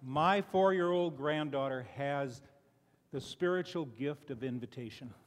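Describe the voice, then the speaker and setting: Here the older lay preacher from Chicago talks a little slowly in a mid-range voice, with a long reverb tail trailing off the church sanctuary walls. He delivers a folksy, chatty sermon built on personal anecdotes, often starting sentences over and dropping in "you know."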